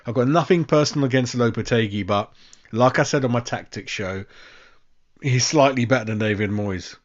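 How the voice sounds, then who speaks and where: This fan channel host, a young man from West London with a London accent, goes on an exasperated, profanity-laced live-stream rant, calling his audience "mate." His mid-range voice moves at a moderate pace, and the sound is lo-fi.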